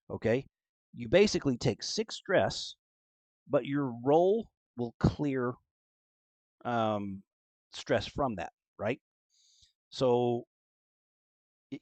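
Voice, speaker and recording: A man's voice: medium pitch, darkish tone, no echo. A man working as game master, explaining rules with frequent fillers in casual chat on a call. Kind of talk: running a tabletop game online.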